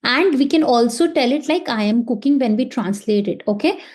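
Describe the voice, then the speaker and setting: A woman's voice: high-pitched, expressive, normal speed, darkish tone. A woman teaching a language lesson, explaining patiently and checking in often with "okay". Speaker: German teacher.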